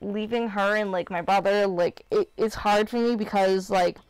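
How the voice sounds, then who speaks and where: A young woman in her twenties from Illinois chatting on a live stream. Her voice is smooth and clear, and the sound is dry and close. She talks in loose, rambling runs full of fillers, open and candid with her viewers. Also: mid-range voice, steady tone, normal speed, darkish tone, no echo. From Illinois, United States. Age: 20s. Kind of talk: casual live-stream chat.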